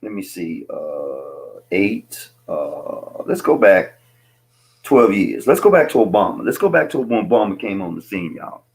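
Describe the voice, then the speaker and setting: A man's voice: low voice, big pitch swings, measured pace, a little mellow, husky. A man speaking as a guest on a casual political call-in show, emphatic and rambling, lecturing his listeners.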